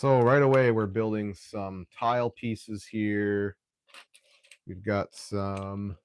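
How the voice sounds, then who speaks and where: A man's voice: lowish voice, steady tone, slow pace. Rambling man chatting while building. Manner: rambling, frequent restarts and throat clearing. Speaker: live stream host building Lego. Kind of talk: casual live stream chat.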